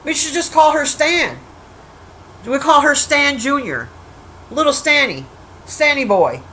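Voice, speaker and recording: A woman's voice: high-pitched, lively intonation, sharp tone, slight background noise, poor audio. A woman on a casual livestream, rambling bluntly about a movie, swearing freely and teasing her silent chat. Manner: profane, blunt trash-talking, teasing the chat; rambling with restarts and drawn-out asides.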